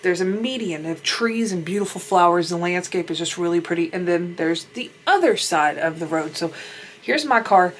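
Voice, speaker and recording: A woman's voice: lowish voice, lively intonation, moderate pace, a little hiss or hum. A young woman chatting casually while doing her makeup at home, rambling and laughing as she tells a story, swearing now and then. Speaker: beauty vlogger.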